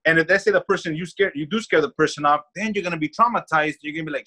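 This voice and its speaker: Bright husky-voiced profane co-host man. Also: a little high, racing. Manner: emphatic, profane, repeats words. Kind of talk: casual podcast chat.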